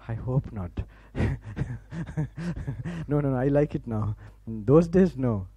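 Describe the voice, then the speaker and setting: A Buddhist monk from Sri Lanka speaks English with a Sri Lankan accent, delivering a sermon to a live audience in a campus hall. His voice is very dark and mellow, with a husky edge. His delivery is loose and chatty, broken by laughs and restarted phrases as he guides listeners. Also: mid-range voice, lively intonation, takes it slowly, highs cut off. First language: Sinhala. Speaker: Buddhist monk giving a Dhamma talk. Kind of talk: sermon with guided relaxation instructions.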